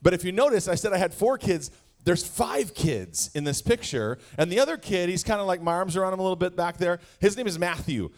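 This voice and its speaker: A man's voice: high-pitched, fairly quick. A man in his forties from Wisconsin, giving a playful sermon as guest speaker and joking straight with the crowd in a church hall. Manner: jokey, animated, talks straight to the crowd.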